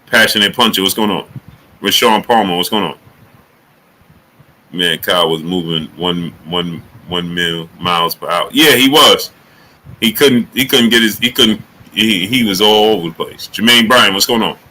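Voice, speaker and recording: A bright, forceful man's voice, chatting loosely about boxing on a livestream. He calls out viewers by name and often leaps up high in excitement. A faint hiss sits under the recording. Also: moderate pace, poor audio. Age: adult. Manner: animated, rising to high excited exclamations when joking. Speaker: livestream host. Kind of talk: casual boxing talk livestream, greeting chat.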